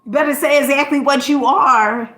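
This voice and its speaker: A woman's voice: sits high, fairly even intonation, normal speed, a bit bright, echoey room, rough recording. A woman content creator giving an emphatic, preachy motivational talk to her viewers. She keeps checking in with "okay?" and swears casually.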